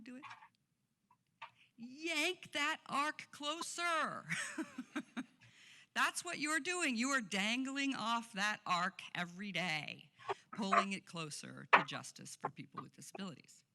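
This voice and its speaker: A woman's voice: medium pitch, gravelly, sharp tone, a little hiss or hum. A woman giving a passionate conference keynote speech, emphatic and laughing often, recorded in a conference hall. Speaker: keynote speaker.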